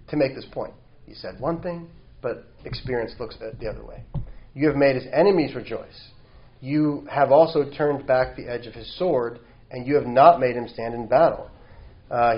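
A man preaching a sermon, reading scripture slowly and forcefully and then explaining it in a conversational way. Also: medium pitch. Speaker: pastor. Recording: dull, lo-fi sound.

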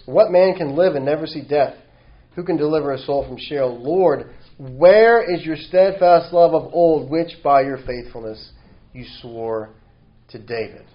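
A man preaching a sermon, reading scripture slowly and forcefully and then explaining it in a conversational way. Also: on the high side. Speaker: pastor. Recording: dull, lo-fi sound.

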